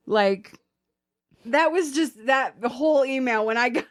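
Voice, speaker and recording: A woman's voice: high-pitched, measured pace. A woman hosting a podcast, telling stories in casual chat with plenty of swearing. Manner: animated, profane storytelling. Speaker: podcast host.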